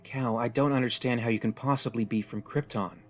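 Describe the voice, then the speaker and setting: A man's voice: mid-range voice, steady tone, a little fast, faint music behind, lightly acted. A man voicing a tough, jaded young woman stranded on an alien world, speaking bluntly and wearily. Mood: explaining. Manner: blunt, weary, resigned.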